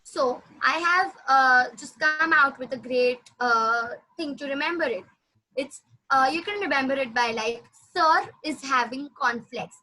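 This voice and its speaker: A woman teaching a language lesson, patiently repeating words slowly for her student. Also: high-pitched, bright, forceful tone, low-quality recording. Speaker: French teacher.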